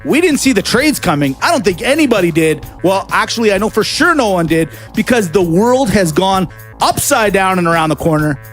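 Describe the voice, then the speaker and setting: A man's voice: high-pitched, brisk, soft background music. A man co-hosting a sports podcast, trading jokes and echoing his co-host in casual banter. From Canada. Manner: animated, jokey, echoes his co-host.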